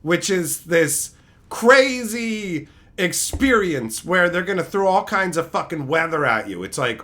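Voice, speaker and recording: Male streamer, exasperated storyteller with a very lively, swooping pitch; profane, escalating rants. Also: unhurried. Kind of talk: ranting storytelling to a live chat.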